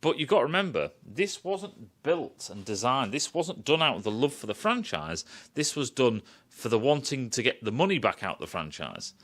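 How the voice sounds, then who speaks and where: A man's voice: mid-range voice, big pitch swings, normal speed, fairly bright tone. A man ranting in a casual, sweary, sarcastic review. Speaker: film and TV reviewer.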